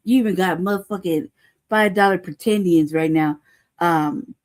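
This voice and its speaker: A woman's voice: lowish voice, moderate pace. A woman hosting a podcast, delivering a heated, profane rant full of rhetorical questions, laughing often and asking "you know what I mean". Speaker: podcast host. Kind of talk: unscripted political commentary.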